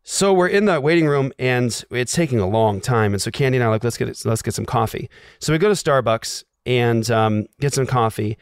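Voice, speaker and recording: A man sharing a personal faith testimony, acting out the dialogue and dropping to a hush at tense moments. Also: mid-range voice, lively intonation, brisk, hardly any pauses, clear, resonant tone, dry recording. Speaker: guest telling a personal story.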